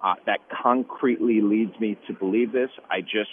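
Man, phone-line guest, tinny narrow sound, faint hiss, halting, repeats himself. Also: lowish voice, fairly even intonation. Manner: halting, repeats phrases before making his point. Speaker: guest baseball insider. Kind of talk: sports radio phone interview.

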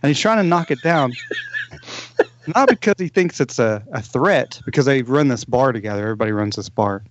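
A man on a podcast, telling the plot of a TV show in a rambling, animated way, with many restarts. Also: mid-range voice, normal speed, muffled recording, noisy background. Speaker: podcast co-host. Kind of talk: casual chat, recommending a TV show.

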